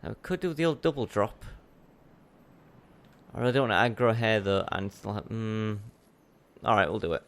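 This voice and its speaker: A man's voice: on the low side, normal speed, pauses often. A man hosting a let's play, giving chatty, self-mocking commentary as he plays and talking back to the game. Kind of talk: gameplay commentary.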